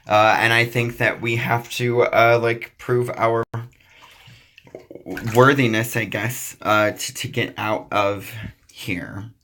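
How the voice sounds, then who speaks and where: A man's voice: mid-range voice, fairly bright tone. Young man, casual vlog, profane, joking, rambling storyteller. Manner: joking, profane, quick asides. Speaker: vlogger.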